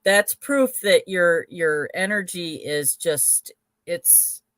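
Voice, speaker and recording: A middle-aged woman in casual conversation, explaining things in an unhurried way with many fillers. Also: fairly low pitch, fairly bright tone, no echo. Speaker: spiritual show participant. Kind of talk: casual chat.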